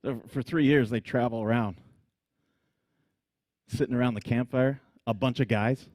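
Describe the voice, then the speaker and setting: A man preaching a sermon, telling the story with animated energy, frequent laughs and acted-out scenes. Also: mid-range voice, normal speed, no room sound. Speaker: pastor.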